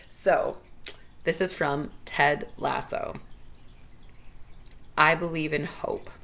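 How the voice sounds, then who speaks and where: Solo host, woman, deep voice, earnest and heartfelt, unscripted musing. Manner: earnest, heartfelt, thinking aloud. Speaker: podcast host. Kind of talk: solo reflective monologue.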